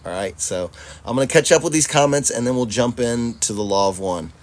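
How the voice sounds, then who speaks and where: A man's voice: mid-range voice, brisk. Guy on a livestream, mid voice, chill and cussing, laughs a lot, talks to chat like y'all. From Charlotte, North Carolina, US. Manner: laid-back, profane, laughs often, addresses audience as y'all. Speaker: livestream host. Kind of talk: casual livestream chat reading viewer comments.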